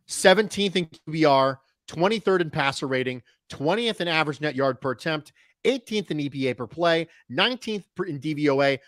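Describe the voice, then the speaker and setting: A man on a casual sports podcast builds his case with stats, repeating key lines for weight. His voice sits a little high. The sound is dry and close, with no room around it. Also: a bit bright, dry recording. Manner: emphatic, repeats points for stress. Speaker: podcast football analyst.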